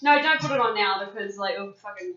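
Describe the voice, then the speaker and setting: Bright-voiced woman hosting. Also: medium pitch, expressive, a little fast, a little hiss or hum. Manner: swearing, laughing often. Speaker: podcast host. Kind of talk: casual chat. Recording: roomy, distant, dull lo-fi recording.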